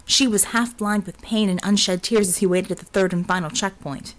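A woman narrating an audiobook in a steady, expressive reading voice. Her pitch sits in the middle of the usual range. The delivery is scripted and even. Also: normal speed, few pauses.

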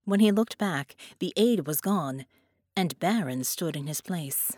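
A woman reading a science-fiction story aloud as narrator, in a steady storytelling manner. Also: on the low side, measured pace, no echo, clean studio sound. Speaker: audiobook narrator. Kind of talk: scripted narration.

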